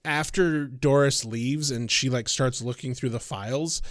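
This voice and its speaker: A man's voice: mid-range voice, measured pace, no echo, studio quality. A man co-hosting a podcast in casual chat, laughing often and swearing freely as he talks. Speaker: podcast co-host.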